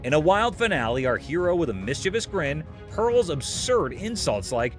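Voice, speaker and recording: Man, recap narrator, scripted comedic narration, playful, lively intonation. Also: a little high, normal speed, soft background music. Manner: playful, jokey storytelling.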